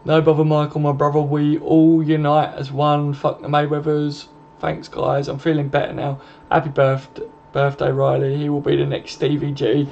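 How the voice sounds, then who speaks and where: A young man chats on a live stream, answering viewer comments with swearing, laughter and constant banter. His voice is a little high and mellow. The mic sounds slightly muffled and lo-fi. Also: little pitch movement, normal speed. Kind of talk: casual live stream chat.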